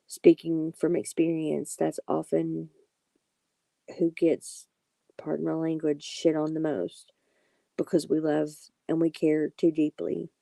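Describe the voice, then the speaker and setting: A woman's voice: sits low, vocal fry, dark tone, no echo. A woman hosting a late-night tarot live stream, chatting casually and reassuring her viewers by name.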